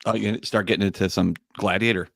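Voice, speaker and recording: Fast-talking low-voiced man. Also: fairly even intonation, vocal fry, no echo, studio quality. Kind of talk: casual podcast chat.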